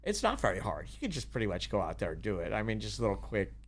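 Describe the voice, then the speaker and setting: A man's voice: fairly low pitch, wildly swooping pitch, racing. A man chatting casually as a podcast guest, rambling with many fillers and restarts. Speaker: guest, kayak tour business owner.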